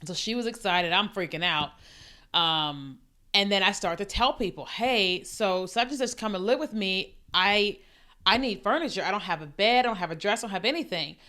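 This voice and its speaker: Bright-voiced woman telling a faith story. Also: mid-range voice, moderate pace. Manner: animated storytelling, acting out quoted voices. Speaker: podcast host. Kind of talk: personal faith testimony.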